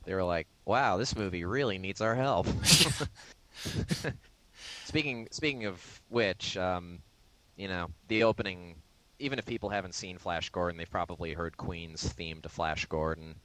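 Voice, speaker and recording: A man with a very low voice talking casually about movies. He chats loosely, laughs often and leans on fillers as he goes. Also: measured pace, fairly bright tone, low-quality recording. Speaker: podcast co-host. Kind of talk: casual film discussion.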